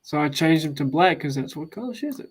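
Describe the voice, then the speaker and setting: A man's voice: on the high side, expressive, fast, husky. Laid-back man rambling in casual chat.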